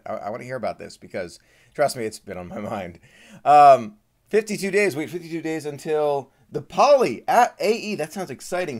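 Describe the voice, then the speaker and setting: A man's voice: medium pitch, a little mellow. A man hosting a live Q&A stream, greeting viewers by name in a friendly, chatty way. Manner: friendly, reads out viewer names and countdowns, gets choked up at times. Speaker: Disney vlogger hosting a live Q&A.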